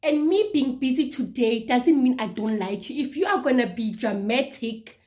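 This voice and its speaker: A woman's voice: on the high side, normal speed, dark tone. Earnest thirties woman giving advice. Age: 30s. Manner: earnest, emphatic, repeats herself. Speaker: show host. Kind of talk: casual advice monologue.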